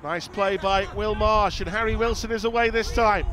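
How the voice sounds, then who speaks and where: A man commentating on football match highlights, calm between chances and jumping up loud at goals. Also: moderate pace, slight background noise. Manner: rises sharply and loud when goals go in. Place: outdoors at a windy football ground.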